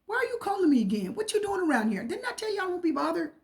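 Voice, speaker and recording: Brief: a woman doing a curt, immature tarot card, high and dismissive, snapping insults. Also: big pitch swings, racing, heavily acted. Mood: irritated.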